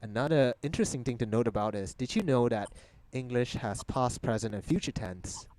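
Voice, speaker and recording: Young Malaysian man, Mandarin native, mid-pitched, dry close sound, lecturing host on a video call. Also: brisk, a little mellow, no room sound, poor audio. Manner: lecturing, asks the audience rhetorical questions. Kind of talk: casual explanatory talk on a video call.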